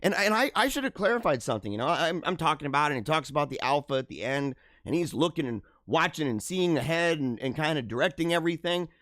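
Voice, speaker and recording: Animated laughing man hosting a live show. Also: a little high, fast, few pauses, no echo, clean studio sound. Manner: animated, laughing, slangy ("dude", "bro", "man"). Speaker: livestream show host. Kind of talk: casual live-show chat reading viewer comments.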